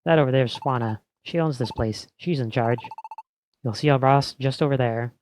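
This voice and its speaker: A man's voice: mid-range voice, moderate pace, a little mellow, no room sound, natural voice. A man voicing brusque, slangy carpenter's apprentices while reading game dialogue over game music. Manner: brusque, working-class slang.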